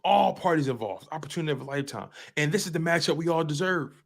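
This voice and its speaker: A man's voice: fairly high pitch, animated, fast, vocal fry. A man hosting a fan sports talk show, speaking passionately and emphatically and repeating phrases for effect. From US East Coast.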